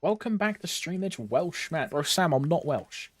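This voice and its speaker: A man's voice: a little high, expressive, moderate pace, no room sound. A young man from Britain, chatting casually on a game stream, rambling with lots of fillers and humming to himself. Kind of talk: casual live-stream chat.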